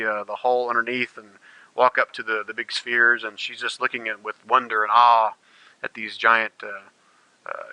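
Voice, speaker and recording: A man's voice: mid-range voice, bright, forceful tone, smooth, dry recording, poor audio. A man narrating as game master, rambling with many fillers.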